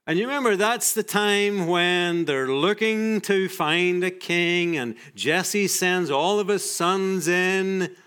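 A man preaching a sermon in a measured way, often letting his voice drop softly at the ends of phrases. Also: high-pitched, clear, resonant tone. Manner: slow, measured, drops soft at phrase ends.

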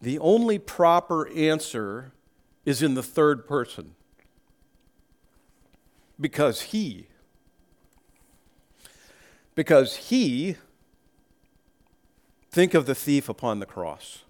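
A man preaching a sermon, talking slowly and deliberately and rising into emphatic bursts. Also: on the high side, big pitch swings. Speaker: pastor.

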